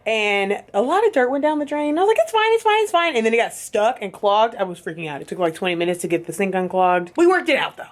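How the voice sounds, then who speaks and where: A woman chatting casually in a home vlog, animated, her voice jumping high when she exclaims. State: a bit out of breath. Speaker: vlogger. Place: apartment rooms, moving around.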